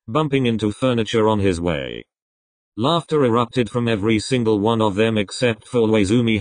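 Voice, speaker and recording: A man reading a fan story aloud in a lively storytelling manner. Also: on the low side, no room sound, low-quality recording. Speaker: fanfiction reader.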